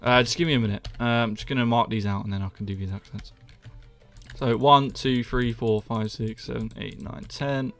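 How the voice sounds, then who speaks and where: A man's voice: medium pitch, steady tone, normal speed, a bit bright, soft background music. A young man with a Doncaster Yorkshire accent chatting jokily on a live stream while building in a game, often laughing and muttering counts under his breath. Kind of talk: casual live-stream chat while gaming.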